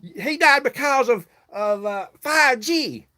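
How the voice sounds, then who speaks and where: A man voicing a big, tall conspiracy-theorist man who shouts and insists, pitched much higher than his own voice. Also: animated, takes it slowly, full character voice. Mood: ranting.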